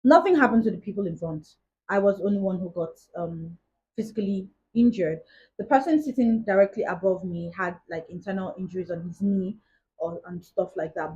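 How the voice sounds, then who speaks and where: Young woman vlogger, husky, casual chatty storyteller, muffled lo-fi sound. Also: mid-range voice, mellow. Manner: chatty, retells events with many "like" asides. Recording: dull lo-fi recording.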